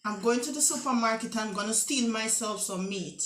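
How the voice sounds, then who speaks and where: A woman's voice: fairly high pitch, brisk, very noisy. A woman, a mother and family vlogger, playing a prank on her kids for the camera with theatrical, mock-desperate pleading. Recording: echoey room.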